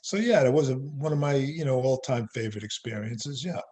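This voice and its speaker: A man's voice: mid-range voice, a little fast. Laid-back older man, chuckling actor. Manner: relaxed, self-deprecating, laughs often. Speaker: actor guest. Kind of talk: casual interview chat.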